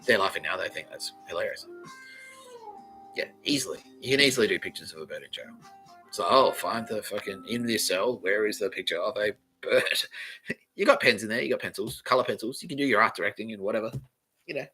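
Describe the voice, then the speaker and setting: A man's voice: on the low side, brisk, bright, forceful tone, soft background music, poor audio. A man hosting a comedy podcast, rambling through a profane monologue and laughing often. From Australia. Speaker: podcast host.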